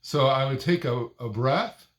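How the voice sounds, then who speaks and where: An older man teaching speech technique, talking in short, deliberate phrases with a stressed word near the end of each one. His delivery is expressive and almost sing-song. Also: mid-range voice. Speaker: speaking coach. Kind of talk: instructional talk to camera.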